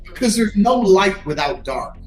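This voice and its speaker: A man giving a blunt, profane motivational talk in a forceful, lecturing manner. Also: sits high, very animated, moderate pace, reverberant, soft background music, poor audio. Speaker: motivational speaker.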